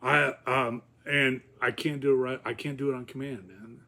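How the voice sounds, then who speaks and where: A man's voice: medium pitch, steady tone, moderate pace, hardly any pauses, bright, forceful tone. A man talking casually in a rambling, profane vlog, with many fillers and chuckles. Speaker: vlogger.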